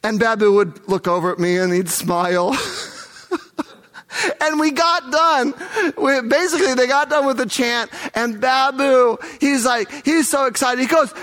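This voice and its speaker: High-voiced man telling a testimony. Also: fairly bright tone. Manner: earnest, vivid retelling with acted-out dialogue. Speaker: missionary. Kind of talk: first-person testimony storytelling.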